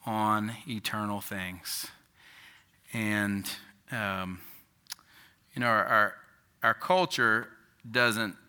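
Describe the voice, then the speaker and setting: A male pastor delivers a sermon in a conversational way. He poses question after question to the listeners, and his voice sounds very bright and sharp. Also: medium pitch, smooth. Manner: conversational preaching with rhetorical questions.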